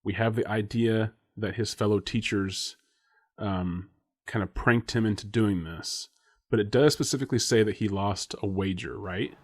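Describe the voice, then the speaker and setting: Male podcast co-host, fairly low voice, loose rambling delivery with lots of laughter. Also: normal speed, a little mellow. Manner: rambling, laughs often, speculative. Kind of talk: casual chat.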